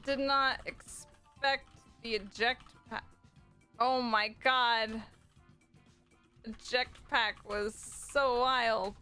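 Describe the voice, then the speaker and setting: A woman playing a competitive video game match and reacting out loud, with squealing cheers and gasps, then thanking her viewers. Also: on the high side, fairly even intonation, very slow, pauses often, smooth, faint music behind. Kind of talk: live match reactions and outro.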